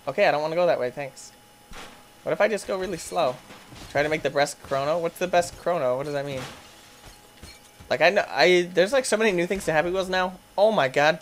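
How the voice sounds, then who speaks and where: A man giving playful let's play commentary, yelping, laughing and chatting with the characters on screen. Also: a little high. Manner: excitable, yelps and laughs, talks to game characters. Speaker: gaming YouTuber.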